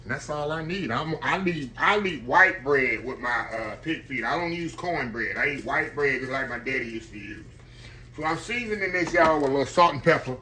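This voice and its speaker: A man's voice: on the high side, lively intonation, moderate pace, bright, forceful tone, a little hiss or hum. A man hosting a casual cooking demonstration in his home kitchen, chatty and folksy, always calling out to his viewers. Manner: folksy, chatty, keeps addressing viewers as y'all. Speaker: cooking channel host.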